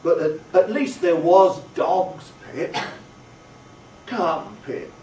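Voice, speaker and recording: A man voicing a kindly, simple village blacksmith who speaks in a slow, drawling country way. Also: fairly high pitch, sing-song, mellow, slight background noise, heavily acted. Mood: amazed, coaxing. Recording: roomy, distant, faint ambience.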